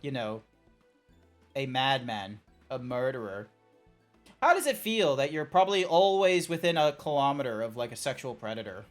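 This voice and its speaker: A man's voice: medium pitch, sing-song, moderate pace, soft background music. A man streaming a game, chatting casually and rambling through joking tangents. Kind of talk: casual live-stream chat.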